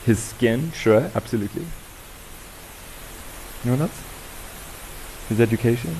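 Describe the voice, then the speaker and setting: A South African man facilitating a workshop, talking with an audience in a lively, conversational way and asking them questions. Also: mid-range voice, a little slow, a little hiss or hum, low-quality recording. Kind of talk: interactive talk to an audience.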